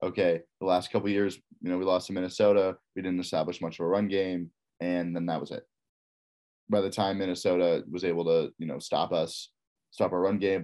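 Casting: man with a faint Texas accent, very deep voice, casual rambling sports talk. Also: darkish tone. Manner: rambling, repeats himself, frank opinions.

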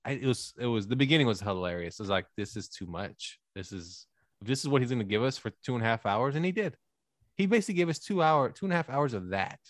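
A man's voice: mid-range voice, racing, dry recording, clean studio sound. A man co-hosting a podcast, casually and mockingly reviewing a movie, often breaking into laughter. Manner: animated, laughing, mocking impressions. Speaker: podcast co-host.

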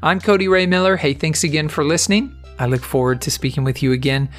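A man's voice: on the high side, quick pace, faint music behind. A man hosting a motivational podcast, telling a story in an earnest, conversational, encouraging way. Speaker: podcast host.

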